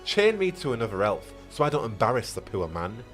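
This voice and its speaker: A man's voice: medium pitch, very animated, fairly quick, soft background music, lightly acted. A man voicing an older, easygoing male elf prisoner in an attempted Scottish accent, dry and teasing.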